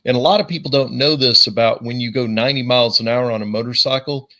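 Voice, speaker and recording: An enthusiastic man hosts a podcast, warmly affirming his guests in casual talk. His voice is bright and forceful at a middle pitch. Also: quick pace.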